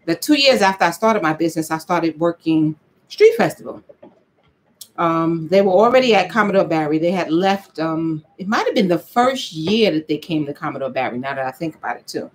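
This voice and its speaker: A woman, possibly older, chatting casually as she makes soap for her vlog, telling playful stories in a lively, animated way. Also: on the low side, brisk, a little hiss or hum. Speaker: vlogger. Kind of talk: casual chat while making soap.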